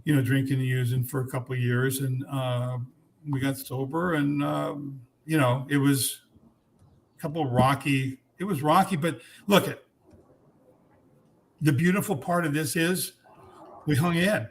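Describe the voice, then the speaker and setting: An older man in his sixties tells his story as a podcast guest. His middle-pitched voice sounds frank and earnest. He speaks bluntly and restarts his sentences often. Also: fairly even intonation, measured pace, vocal fry, a little hiss or hum. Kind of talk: candid personal storytelling.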